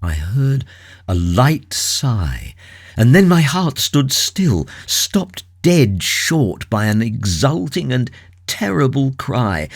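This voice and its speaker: A man narrating a classic novel as an audiobook, measured, grave and dramatic in first person. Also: medium pitch, gravelly.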